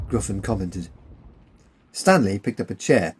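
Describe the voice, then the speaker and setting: A man narrating a war story audiobook in a plain, steady reading. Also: on the low side, normal speed, a little hiss or hum, rough recording.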